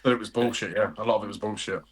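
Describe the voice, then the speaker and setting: A man's voice: lowish voice, steady tone, rapid-fire. A man co-hosting a podcast in sweary, jokey casual banter. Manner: sweary, jokey, tries out accents. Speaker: podcast co-host.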